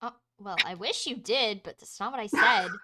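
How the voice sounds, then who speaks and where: A woman voicing a cheeky young female horse in human form, talking in a sassy, deadpan way. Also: mid-range voice, moderate pace, heavy background noise, close to an everyday voice.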